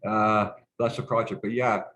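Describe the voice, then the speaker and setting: A man's voice: fairly low pitch, flat delivery, moderate pace, a bit bright, rough recording. A man from Canada talking in a casual interview, rambling with many restarts and fillers and swearing bluntly. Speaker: guest.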